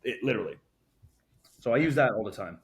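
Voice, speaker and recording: A young man, a podcast guest, talking casually and swearing a lot as he tells animated stories. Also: medium pitch, creaky, a little hiss or hum. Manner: fast, profane, animated storytelling.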